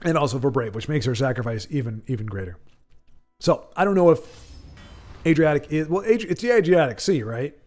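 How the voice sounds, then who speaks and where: A man's voice: a little high, animated, a little fast, darkish tone. A man hosting a live stream in a rambling, chatty way, reading viewer chat aloud and laughing often. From United States. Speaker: stream host.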